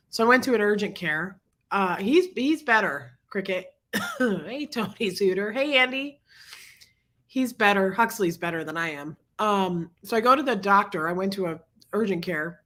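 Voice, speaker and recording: A woman's voice: lively intonation, moderate pace, pushed and bright. A sick, congested woman hosting a casual livestream, chatting and greeting viewers by name between coughs. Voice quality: low husky sick voice. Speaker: livestream host.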